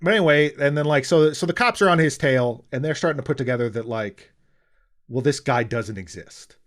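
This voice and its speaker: A man's voice: mid-range voice, a little fast. A man co-hosting a podcast, chatting casually about a movie and acting out lines from its scenes as he rambles. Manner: rambling, acts out quotes from scenes. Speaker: podcast co-host. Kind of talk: casual movie review chat.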